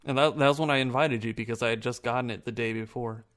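A man's voice: medium pitch, fairly even intonation, fast, a bit bright. Laid-back swearing podcast guy. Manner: loose, profane, laughs often. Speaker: podcast co-host. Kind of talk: casual chat.

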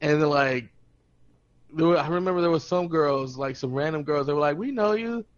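On a podcast, a young male co-host tells a party story full of swearing, laughter and acted-out quotes in different voices. His voice is on the high side, fairly quick, clear and resonant, though the lo-fi podcast audio sounds dull.

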